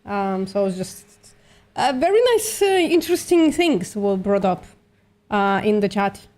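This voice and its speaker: A woman with a medium-pitched, sing-song, slightly slow and slightly mellow voice hosts a livestream doing outreach calls. Losing her voice a little, she reasons aloud with many fillers in a casual voice-chat debate.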